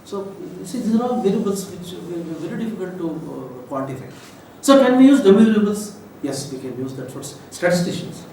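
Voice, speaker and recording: A man's voice: sits high, big pitch swings, quick pace, hardly any pauses, warm tone. Older Indian man lecturing in an echoey room. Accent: Indian English. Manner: rambling, emotional storytelling with many fillers. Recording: roomy echo, voice from a distance, faint noise.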